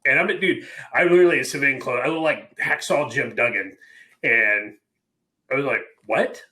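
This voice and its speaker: A man co-hosting a casual podcast, telling an animated army story and swearing freely. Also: mid-range voice, a little fast. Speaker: podcast co-host. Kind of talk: casual chat.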